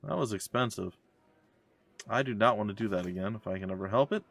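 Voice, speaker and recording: A man's voice: on the low side, a little fast, gravelly, a bit bright. A man giving casual, wry commentary while playing a game and reading its dialogue aloud. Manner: wry, joking asides. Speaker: let's play gamer.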